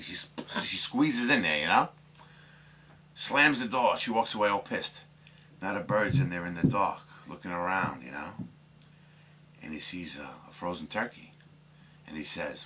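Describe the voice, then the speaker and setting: A man's voice: sits low, normal speed, pushed and bright, a little hiss or hum. A man telling dirty jokes casually, rambling with lots of fillers and putting on voices for the characters. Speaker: joke teller.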